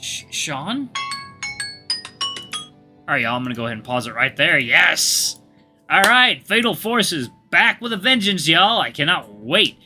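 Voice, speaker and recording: A man's voice: a little high, sing-song, normal speed. A man reading a story game aloud and hosting his channel in an upbeat, enthusiastic way, over faint music. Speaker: gaming YouTuber. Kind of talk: let's play reading.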